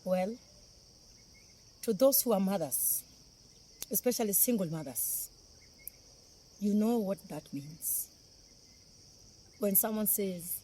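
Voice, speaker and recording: Speaking on camera, a middle-aged Kenyan-accented philanthropist gives an emotional, heartfelt appeal, repeating phrases to drive them home. Her mid-range, mellow voice keeps a measured pace with long pauses, over slight background noise.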